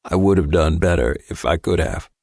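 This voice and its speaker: A man's voice: sits low, moderate pace, gravelly, a little mellow, dry recording, studio quality. A man doing a timid, frightened boy. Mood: subdued. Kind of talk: audiobook character voice.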